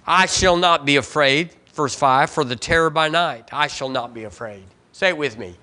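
A Southern US male pastor preaches a sermon in a church sanctuary, reading scripture aloud and having the congregation repeat lines after him. His fairly high voice is pushed and bright, moving at a moderate pace with hardly any pauses. He leans on call-and-response and rising, emphatic repetitions of phrases.

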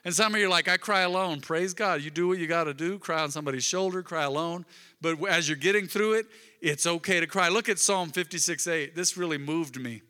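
A male pastor preaching a sermon in a church, swinging from loud emphatic bursts to soft, intimate murmurs. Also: on the high side, brisk, smooth. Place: church sanctuary. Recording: long reverb of a large hall.

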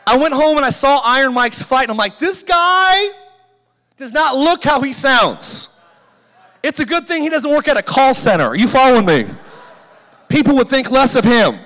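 A man in his forties preaches with a strikingly high voice, telling funny stories and acting out the people in them. His words ring out with a long reverb from a large church hall. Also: quick pace. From Southern California. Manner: animated, jokey, acts out quoted voices. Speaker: pastor. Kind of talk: sermon with humorous storytelling.

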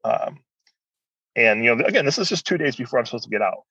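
A man's voice: mid-range voice, fast talker, husky, no echo. Guy telling a wild story, all over the place, kinda dull lo-fi audio. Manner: animated, rambling storyteller. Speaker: guest. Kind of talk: personal storytelling in conversation.

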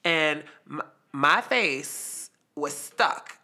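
A woman's voice: low voice, very slow. A woman in her twenties telling a story in a casual chat, acting out the quoted lines as she goes. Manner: animated, acts out quoted lines, laughs while telling.

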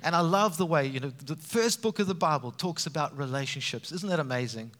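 A man preaching a sermon, animated and emphatic, with frequent rises for emphasis. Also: a little high, brisk. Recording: reverberant hall sound.

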